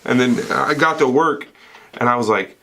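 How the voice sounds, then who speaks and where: A man's voice: medium pitch, normal speed, vocal fry, pushed and bright. A young man co-hosting a podcast, telling rambling, profane stories in casual banter and laughing often. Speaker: podcast co-host.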